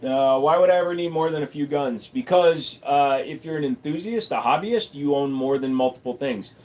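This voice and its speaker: A man hosting a casual livestream from a room at home, answering viewers' questions with blunt, deadpan, crude humor. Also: fairly high pitch, moderate pace. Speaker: livestream host. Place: room at home full of computer gear.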